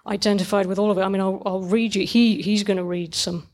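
Middle-aged woman, casual chat, enthusiastic, rambling, mid-pitched voice. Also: steady tone, quick pace, darkish tone. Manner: rambling, enthusiastic, many restarts. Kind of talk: casual chat about a favourite cartoonist.

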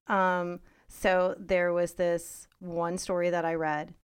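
A woman's voice: on the low side, takes it slowly, clear, resonant tone. Chatty woman podcast co-host. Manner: chatty storyteller, lively retelling with lots of fillers. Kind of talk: casual chat.

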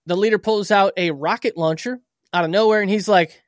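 High-pitched man recapping casually. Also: a little fast, no echo, studio quality. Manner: loose plot summary full of swearing. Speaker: podcast co-host recapping episodes.

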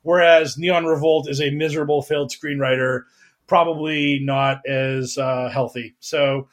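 A man hosting a casual podcast chat, animated and mocking, slipping into quick impressions of other people. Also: on the high side. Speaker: podcast host.

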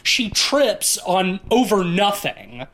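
A man's voice: high-pitched, very animated, slow pace, crowd noise. A man co-hosting a podcast, chatting casually about an old movie and filling his sentences with "like". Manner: rambling, heavy use of "like". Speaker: podcast co-host.

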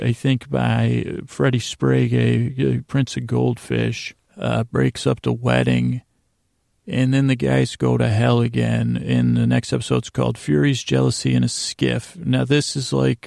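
A man's voice: medium pitch, gravelly, darkish tone, no echo, studio quality. A man hosting a podcast, giving a casual, meandering recap meant to lull listeners to sleep. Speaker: podcast host.

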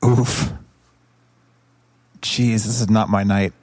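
Low-voiced jokey man. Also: steady tone, slow, a little mellow, dry recording. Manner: jokey, laughs easily, playful. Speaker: player. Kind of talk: casual tabletop play.

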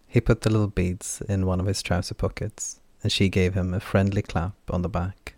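Low, gravelly male audiobook narrator. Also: level tone, moderate pace, few pauses, a little mellow, no room sound. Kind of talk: scripted fantasy audiobook narration.

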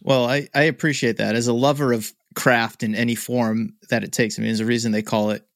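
A male podcast host with a noticeably gravelly, fry-edged voice that stays at an ordinary pitch. He tells stories in an easy, conversational way and reads the show's outro. The recording is dry, with no room sound. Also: brisk, no room sound. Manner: relaxed storytelling, reads sponsor outro.

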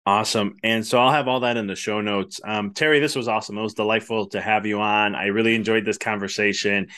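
An earnest man hosting a podcast, with a voice that sits somewhat low. He talks in a rambling, effusive way and piles praise onto his points as he goes. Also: fairly even intonation, quick pace, a bit bright. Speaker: podcast host. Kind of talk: casual interview talk.

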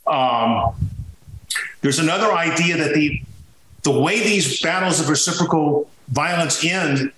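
A man's voice: fairly high pitch, a little slow, a bit bright, roomy sound, a little hiss or hum, rough recording. A man from Sicily talking as a podcast guest, telling his story emphatically with frequent restarts. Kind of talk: conversational podcast interview.

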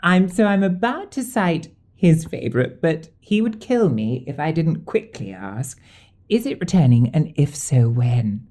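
A man's voice: on the high side, sing-song, measured pace, dark tone. A man with a posh English accent hosting a casual chat, effusive and flowery in his phrasing. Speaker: podcast host.

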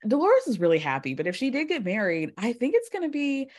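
Animated, giggly woman podcast host. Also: on the high side, fast. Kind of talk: casual reality TV recap chat.

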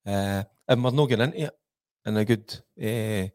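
A man's voice: fairly low pitch, moderate pace, a little mellow, no echo, studio quality. Earnest Scottish man talking football. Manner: earnest, thinking aloud with fillers. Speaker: football pundit. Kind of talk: casual football chat.

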